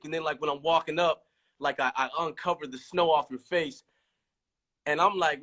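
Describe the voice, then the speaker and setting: Man from california, bright and slightly high voice, rambling livestream chat, lots of restarts. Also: normal speed. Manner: rambling, restarts a lot, animated storytelling with quoted lines. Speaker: rapper talking on a livestream.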